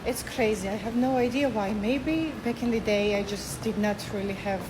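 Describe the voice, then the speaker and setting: A woman's voice: mid-range voice, fairly even intonation, normal speed. A woman talking candidly to camera outdoors, nervous and laughing as she speaks. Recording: loud street noise behind.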